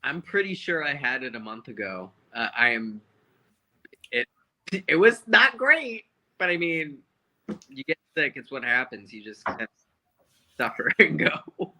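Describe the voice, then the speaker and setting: A man's voice: medium pitch, sing-song, unhurried, long pauses, bright, forceful tone, low-quality recording. A slightly drunk man in a casual livestream chat, laying on heavy mocking sarcasm. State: a little drunk. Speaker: guest.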